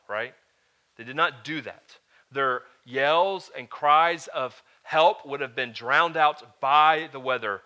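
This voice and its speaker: A middle-aged man preaching a sermon as pastor, telling a family story with animated rhetorical questions. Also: fairly high pitch, slow pace.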